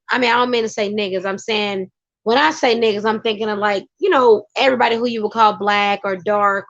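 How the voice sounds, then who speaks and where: High-voiced emphatic woman, lo-fi sound. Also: vocal fry. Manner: emphatic, excitable, talks to her partner off-camera. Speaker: vlogger. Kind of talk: casual commentary.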